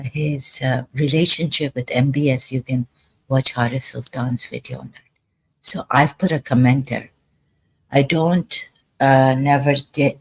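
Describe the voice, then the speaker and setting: Husky, halting woman streamer. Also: a bass voice. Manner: halting, hesitant, full of pauses. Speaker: live streamer. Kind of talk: rambling livestream monologue.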